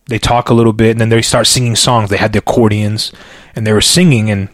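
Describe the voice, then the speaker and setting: Animated man telling his faith story, dry sound. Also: on the low side, fast talker, no room sound. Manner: animated storytelling, filler-heavy; self-described loud talker. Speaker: podcast guest. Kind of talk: personal faith testimony.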